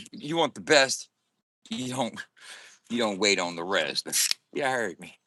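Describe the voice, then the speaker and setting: Man, casual vlog, loud and profane, lively swinging pitch, bright ringing tone. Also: no room sound. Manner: boisterous, profane, laughing often. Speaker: vlogger. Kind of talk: casual morning vlog to camera.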